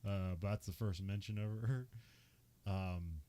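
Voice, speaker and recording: A man's voice: sits low, fairly even intonation, a little slow, mellow. A young man hosting a podcast, casually recapping a film with lots of filler words and laughs. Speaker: podcast host. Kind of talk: casual movie recap chat.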